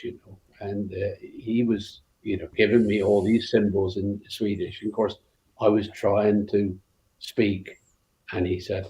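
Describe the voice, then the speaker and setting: A man's voice: lowish voice, unhurried, darkish tone, slight background noise. An older man with a West Country accent, a former rally co-driver telling long stories in an interview, rambling with lots of fillers and restarts. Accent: West Country English. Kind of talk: anecdotal interview storytelling. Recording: roomy, dull lo-fi sound.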